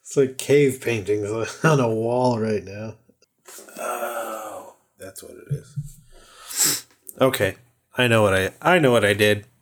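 A man's voice: fairly low pitch, takes it slowly, pauses often. A man with a Californian American accent, co-hosting a tabletop gaming podcast in loose, jokey casual chat with frequent laughs. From United States. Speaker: podcast co-host, dungeon master.

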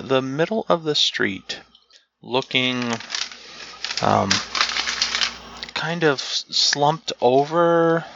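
A man narrating as game master of a tabletop game, unhurried and searching aloud for the right words. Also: mid-range voice, vocal fry, fairly bright tone, highs cut off.

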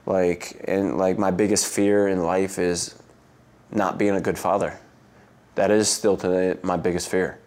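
Chatty man with a low voice. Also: little pitch movement, unhurried, a little mellow. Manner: chatty, full of "like" and "um" fillers. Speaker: interviewee. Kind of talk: casual storytelling interview.

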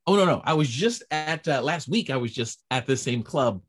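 A man's voice: medium pitch, normal speed, breathy edge. A man, a stand-up comedian, telling stories in a casual chat and acting out the people in them. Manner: animated storyteller acting out quoted voices.

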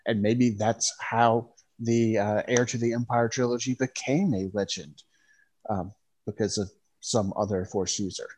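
A man co-hosting a podcast, speaking in a measured way with many hesitations. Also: fairly low pitch, steady tone, a little mellow. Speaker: podcast co-host. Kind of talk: casual chat.

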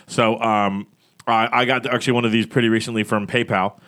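A man's voice: on the low side, flat delivery, a little fast, fairly bright tone. Joking man rambling as podcast host. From Florida. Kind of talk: casual chat.

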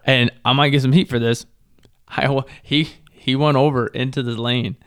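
A young man co-hosting a podcast, telling a crude, animated story in casual banter, full of restarts and quoted voices. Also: medium pitch, moderate pace, smooth, no echo, studio quality. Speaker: podcast co-host.

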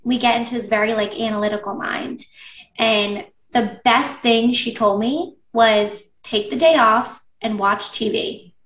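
In a chatty interview, a female business coach keeps using "like" and plays out what she used to think. She sounds a little high and fairly bright at a measured pace, her voice distant from the mic in an echoey room.

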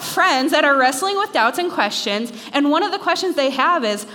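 A young woman from Minnesota gives a talk to students in a chatty, self-deprecating way. Her voice sits a little high. It rings with the long reverb of a large hall. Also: animated, normal speed, bright, forceful tone, a little hiss or hum. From Minnesota, USA. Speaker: speaker.

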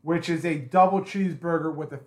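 A man's voice: fairly high pitch, brisk, a little mellow, reverberant. A man chatting casually on a podcast, running through items from a list.

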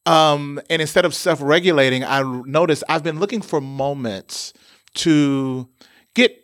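A man's voice: on the high side, measured pace, a bit bright. A man who talks like a preacher, persuasive and declarative, in a candid conversation. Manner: emphatic, persuasive, preacher-like delivery. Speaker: pastor. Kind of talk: conversational podcast talk.

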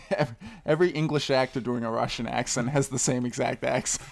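A man's voice: mid-range voice, steady tone, a little fast, vocal fry. A man co-hosting a film podcast in casual chat, critical and wry.

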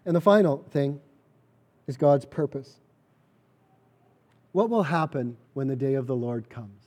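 Pastor, male, earnest sermon delivery, mellow tone, emphatic repetition. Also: mid-range voice, animated, unhurried.

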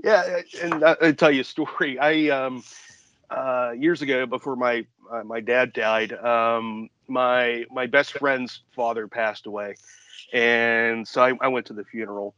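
A man's voice: medium pitch, fairly even intonation, unhurried, fairly bright tone, lo-fi sound. A man being interviewed on a podcast as a guest author, telling rambling stories and laughing at his own jokes. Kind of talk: casual podcast chat.

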